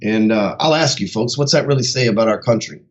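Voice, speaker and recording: A man's voice: on the low side, fairly quick, muffled recording. A man who coaches sales, giving a casual motivational talk in a blunt, heavily profane way.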